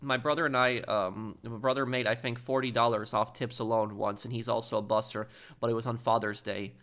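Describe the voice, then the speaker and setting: A man's voice: mid-range voice, level tone, a little fast, fairly bright tone. A man live-streaming a video game, reading viewer messages aloud and answering them in a rambling, hesitant way with frequent ums and restarts.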